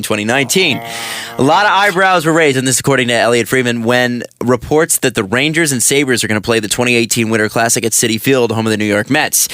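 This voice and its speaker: A man's voice: mid-range voice, fairly bright tone, dry recording, clean studio sound. A man co-hosting a casual sports podcast, reading news items and joking loosely. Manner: reads news items then jokes loosely. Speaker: podcast co-host.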